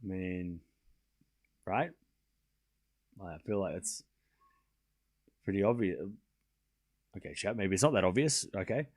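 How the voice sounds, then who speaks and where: A man's voice: low-pitched, animated. Man calling tennis live. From Australia. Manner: calls each shot in quick running bursts, then chats casually with viewers. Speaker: stream host and tennis commentator. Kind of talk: live play-by-play tennis commentary on a stream.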